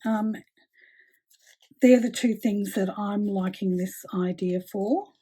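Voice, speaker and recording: A woman's voice: mid-range voice, slow, mellow, slightly rough. A woman chatting casually with lots of fillers while she demonstrates a craft project with her hands. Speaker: craft tutorial host.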